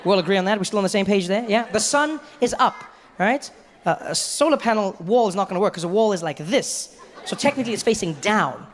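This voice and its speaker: A man's voice: sits high, animated, fast talker. Man doing stand-up before a crowd. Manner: checks in with the crowd, punchy asides. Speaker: stand-up comedian. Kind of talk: stand-up comedy set. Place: live comedy venue with audience.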